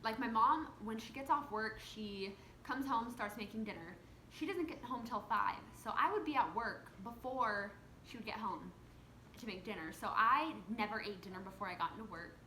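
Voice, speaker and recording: A woman's voice: a little high, moderate pace. A young woman telling a personal story in a casual, chatty way, peppering her speech with "like". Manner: chatty, animated, heavy use of "like". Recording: echoey room with faint background hum.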